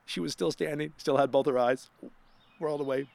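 A man hosting a casual radio show, telling a funny personal story in a lively, self-deprecating way. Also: fairly quick, vocal fry, dry recording. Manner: animated, self-deprecating, rises in pitch when excited.

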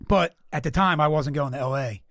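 A man's voice: a little high, a little fast, fairly bright tone, no room sound, clean studio sound. A man hosting a casual podcast, rambling, swearing and laughing as he talks. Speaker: podcast host. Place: home studio.

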